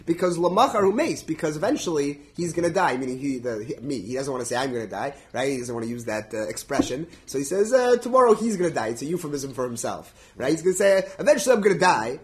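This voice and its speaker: A man teaching a Talmud class in an animated way, laughing often and translating Hebrew and Aramaic phrases as he goes. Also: on the high side, fast talker, few pauses.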